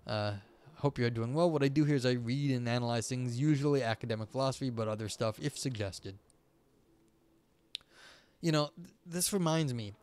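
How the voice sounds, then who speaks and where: Male livestream host, middle-pitched, reads passages then muses loosely in asides. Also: fairly quick, a little mellow, clear, resonant tone. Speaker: livestream host reading and analyzing texts. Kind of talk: reading aloud with casual commentary.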